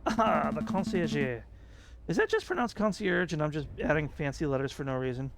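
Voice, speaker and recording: A man's voice: a little high, very animated, brisk, gravelly, a little hiss or hum. Chatty swearing man streaming a game. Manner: chatty, swears, self-deprecating. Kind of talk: casual live-stream chat. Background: loud game music.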